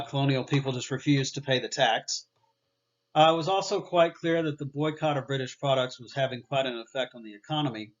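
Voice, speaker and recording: Casual man giving a history lecture. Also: mid-range voice. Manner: conversational, many "uh" fillers and restarts. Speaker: history teacher. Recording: dull lo-fi recording.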